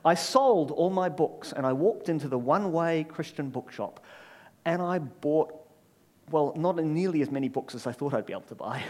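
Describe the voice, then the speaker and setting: A man's voice: on the high side, animated, normal speed, darkish tone. A middle-aged man preaching a sermon, telling stories with wry, self-deprecating asides.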